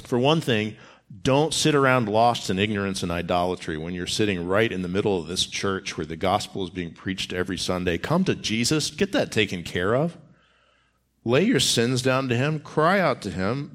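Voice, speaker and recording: A man delivers a sermon from the pulpit. His voice sits a little low, and he speaks earnestly, leaning into key phrases with extra force and slowing down for emphasis. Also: animated. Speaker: pastor.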